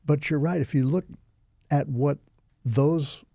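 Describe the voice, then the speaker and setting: Older guy from texas, gravelly mellow voice, dry close sound, animated storyteller. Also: fairly high pitch, slow, dry recording. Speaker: yoga teacher, interview guest. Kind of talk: storytelling interview.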